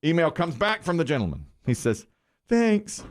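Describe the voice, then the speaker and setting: A man's voice: a little high, wildly swooping pitch, a little fast. A man hosting a radio show, telling a story in casual banter, mock-indignant and laughing often.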